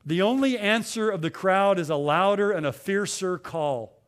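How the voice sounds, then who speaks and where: Earnest male pastor, slightly higher voice. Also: moderate pace. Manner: earnest, explanatory, with frequent restarts. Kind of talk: expository sermon.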